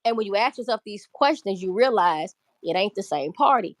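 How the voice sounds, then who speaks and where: A woman's voice: mid-range voice, animated, moderate pace, no room sound. A woman commenting on clips in a casual, emphatic way, repeating her points and swearing freely.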